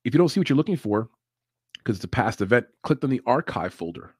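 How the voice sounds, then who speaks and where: A man's voice: mid-range voice, very animated, fast talker, breathy edge, dry recording, clean studio sound. A man hosting a casual livestream podcast, talking loosely with swearing and frequent laughs. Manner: loose, profane, laughs often. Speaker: podcast host.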